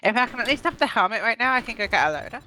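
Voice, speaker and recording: A woman's voice: fairly high pitch, expressive, racing, sharp tone. A woman streaming a survival game, chatting in a breezy, teasing way. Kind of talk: casual gaming chat.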